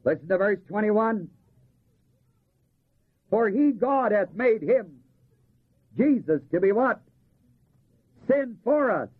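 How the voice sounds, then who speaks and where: Male preacher, husky and high, lively rise and fall, asks the room to finish his lines, tinny old recording. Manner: asks the congregation to fill in words, slows to stress key phrases. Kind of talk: sermon.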